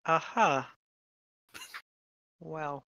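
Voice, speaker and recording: A man's voice: a little high, drawn-out words, creaky, sharp tone, no room sound, lo-fi sound. A man running a tabletop game as game master, in a laid-back, matter-of-fact way.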